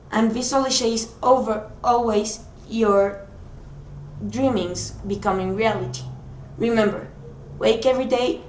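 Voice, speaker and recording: A woman's voice: mid-range voice, a little mellow, slight background noise. Earnest woman in a roomy space. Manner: earnest, explains with simple examples and gestures to size. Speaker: speaker giving motivational advice. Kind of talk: motivational talk. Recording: roomy sound from a distant mic.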